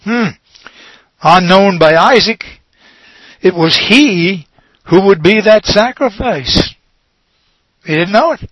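A man preaching a sermon, slow and emphatic, leaning on dramatic pauses and repeated words. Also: high-pitched, animated, a bit bright, slightly rough, no echo, low-quality recording.

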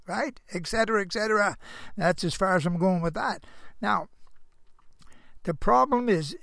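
In clean studio sound with no echo, an older man with a high, slightly bright voice gives a folksy Christian moral monologue. He rambles, chuckles at himself and keeps asking rhetorical questions of whoever is listening.

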